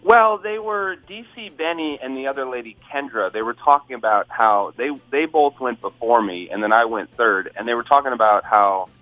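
A man's voice: mid-range voice, normal speed, hardly any pauses, no room sound, soft background music. Comedian guy calling in, dry self-mocking storyteller, sounds tinny like a phone line, no room sound. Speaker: comedian guest. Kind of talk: casual phone interview. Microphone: phone call.

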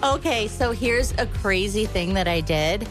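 A woman co-hosting a chatty talk show, playful and quick to laugh. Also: mid-range voice, expressive, over music. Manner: giggly and playful. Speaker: co-host. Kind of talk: casual radio chat.

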